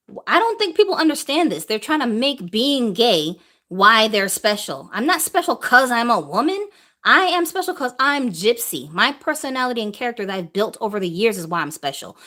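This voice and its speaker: A woman in her thirties, a doll collector answering questions in a blunt, animated, opinionated live monologue. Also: on the high side.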